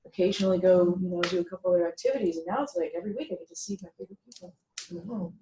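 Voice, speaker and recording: A woman's voice: lowish voice, fairly even intonation, very fast, warm tone, roomy sound, a little hiss or hum, rough recording. A woman sharing heartfelt, rambling thoughts with a group in a casual call. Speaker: participant in a community dinner call.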